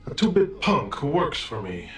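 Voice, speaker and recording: An actor playing a brash, hot-headed young mobster who talks tough and pushy, in a film drama. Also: male voice, on the high side, big pitch swings, normal speed, soft background music. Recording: roomy film soundtrack with faint score.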